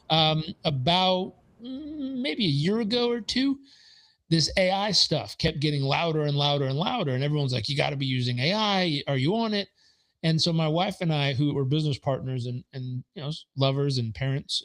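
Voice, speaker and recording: Animated man telling business stories. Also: fairly high pitch, low-quality recording. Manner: animated, rising into quoted dialogue. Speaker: podcast guest, business consultant. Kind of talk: conversational storytelling.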